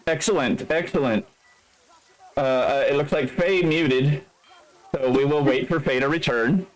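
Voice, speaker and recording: A man's voice: medium pitch, measured pace, poor audio. A man running an online tabletop game as game master, wry and jokey, his voice cracking now and then.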